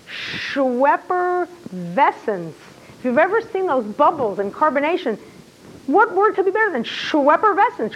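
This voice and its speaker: A woman teaching a classroom lecture, animated and excitable, full of rhetorical questions to her students. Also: high voice, rough recording.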